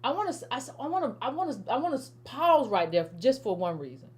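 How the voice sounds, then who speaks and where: Emphatic woman commentator, slightly high voice. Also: sing-song, fast talker. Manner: emphatic, repetitive, stammering restarts, addresses viewers as family. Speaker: political commentary host. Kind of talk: casual direct-to-camera commentary.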